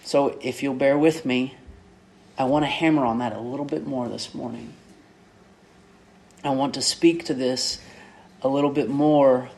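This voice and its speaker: A man preaching a sermon as pastor, measured and repeating key words for emphasis. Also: mid-range voice.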